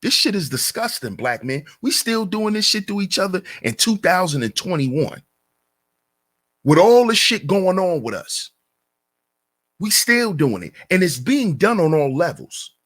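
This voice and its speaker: Husky, animated man ranting. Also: high voice, measured pace. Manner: emphatic, repetitive rhetorical questions. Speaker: channel host. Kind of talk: commentary rant.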